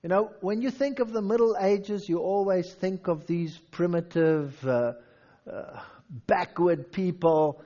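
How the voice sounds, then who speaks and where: A man giving a lively history lecture, telling stories and reading old quotations aloud with dramatic flair. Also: high voice, unhurried, highs cut off.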